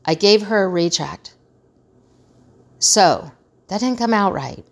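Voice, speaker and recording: A woman's voice: medium pitch, expressive, slow. A middle-aged woman hosting a casual advice talk, earnest and conversational, acting out remarks she quotes. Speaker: host.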